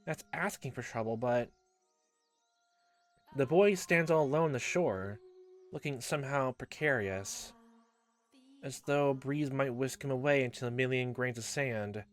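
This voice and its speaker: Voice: mid-range voice, unhurried, long pauses. A let's-play host reading a visual novel aloud in a casual, wry way, with rambling asides and faint game music behind.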